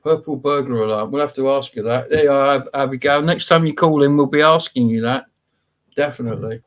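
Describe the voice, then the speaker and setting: Greeting viewers by name, a man from Wales chats casually while hosting a live show. He speaks a little fast, with a medium-pitched, steady voice.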